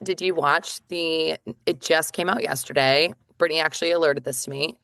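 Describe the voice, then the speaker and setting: Chatty lower-voiced woman podcaster. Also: steady tone, gravelly, a bit bright, no echo, studio quality. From northeastern United States. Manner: chatty storyteller, quick asides and "like" fillers. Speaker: podcast co-host. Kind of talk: casual chat.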